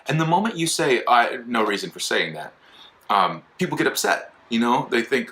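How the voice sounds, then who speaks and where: A man in his thirties from California, a philosophy teacher giving a casual lecture, animated and acting out quoted voices with many restarts. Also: mid-range voice, normal speed.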